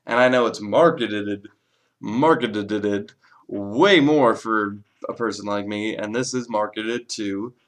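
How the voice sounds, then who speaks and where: A man giving a casual, rambling spoken film review, swearing freely and filling pauses with lots of hedging words. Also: fairly low pitch.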